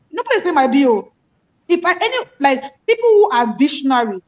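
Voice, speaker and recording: High-voiced female host, emphatic chat, muffled lo-fi audio. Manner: emphatic, repeats phrases for stress. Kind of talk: casual chat.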